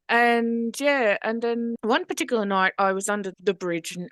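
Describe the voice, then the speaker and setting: A woman's voice: on the high side, moderate pace, hardly any pauses, dry recording. Aussie woman guest telling her life story, frank and earthy, dry close sound. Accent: Australian. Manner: frank, earthy, animated retelling. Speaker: guest, hypnosis trainer. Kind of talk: candid personal storytelling.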